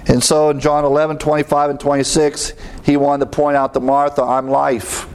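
A man preaching a sermon, slowing down and lifting his voice high for emphasis on key words. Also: level tone, smooth. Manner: preaching with sudden rises in pitch and slowed emphasis.

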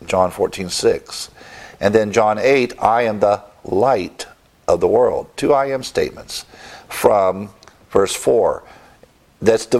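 A middle-aged male preacher delivering a sermon, emphatic and rising in pitch when he presses a point. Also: vocal fry.

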